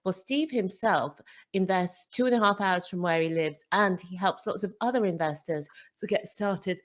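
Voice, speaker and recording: A woman's voice: fairly low pitch, normal speed. A woman hosting a podcast, introducing her guest in an upbeat, chatty way. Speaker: podcast host.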